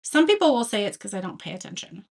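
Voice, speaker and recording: This woman's mid-range voice swings widely in pitch, and she talks quickly. Running a live craft tutorial, she chats away, reads viewer comments aloud, and laughs at her own mistakes with self-deprecating humor.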